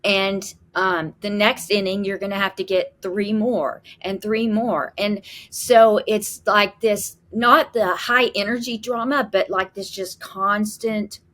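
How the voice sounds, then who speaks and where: A woman co-hosting a podcast, chatting in an animated way and acting out her own reactions. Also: mid-range voice, takes it slowly, hardly any pauses. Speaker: podcast co-host. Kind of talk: casual podcast conversation.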